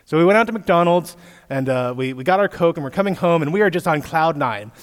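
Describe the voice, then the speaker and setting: Pastor guy w a high voice, telling funny stories in his sermon, talking back to the crowd. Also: brisk. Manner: storytelling with animated asides to listeners. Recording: echoey hall, long reverb.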